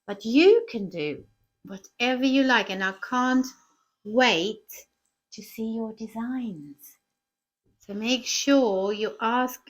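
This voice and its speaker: A woman giving a cheerful, encouraging drawing lesson to children, often asking the viewers questions. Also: medium pitch. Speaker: children's art teacher.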